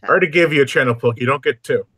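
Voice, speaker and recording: A man hosting a casual live stream chat with friends, laughing often and pausing with ums while reading comments. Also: mid-range voice, background noise. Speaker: host.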